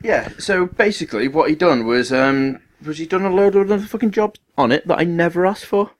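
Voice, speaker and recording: A man's voice: fairly high pitch, a little fast. A young man, a podcast co-host, telling a story in casual chat with lots of swearing and acted-out quotes.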